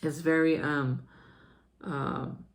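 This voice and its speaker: A woman's voice: deep voice, little pitch movement, very slow. A woman hosting a recovery reflection, telling a personal story in an earnest, emotional way, with many fillers and restarts. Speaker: host sharing daily recovery reflections.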